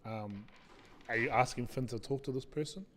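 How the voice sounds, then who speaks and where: Relaxed game master, bright and chuckly. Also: male voice, medium pitch, normal speed, a little hiss or hum. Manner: laid-back, chuckling, rambling narration. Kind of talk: narrating a tabletop game.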